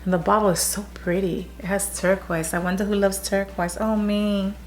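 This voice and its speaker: A woman's voice: medium pitch, flat delivery, normal speed, a little mellow, soft background music. A woman vlogger chatting casually about beauty products, gushing and full of restarts and asides, recorded on a camera mic at home. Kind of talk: casual product review chat.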